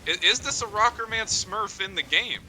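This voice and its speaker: A man's voice: high voice, lively intonation, normal speed, bright, forceful tone. A young man casting a game on a casual drinking stream, joking and crude in his banter. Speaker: esports caster.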